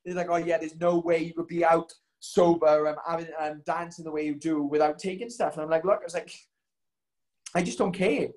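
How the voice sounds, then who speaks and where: A man's voice: fairly high pitch, steady tone, brisk, darkish tone. A young man telling stories in casual chat, rambling with lots of ums and likes.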